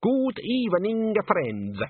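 A man's voice: sits high, wildly swooping pitch, extremely slow, husky, dry recording, voice pushed up, heavily acted. A man voicing a tenor singing in his bath, putting on a showy foreign accent. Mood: crooning. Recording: distant, tinny phone-like sound.

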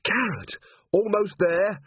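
Man doing a feisty young woman guard, higher voice, dry tinny audio. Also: very animated, a little slow, breathy edge, no room sound, full character voice. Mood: urgent. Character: young woman city guard, bold and quick. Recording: tinny phone-like sound.

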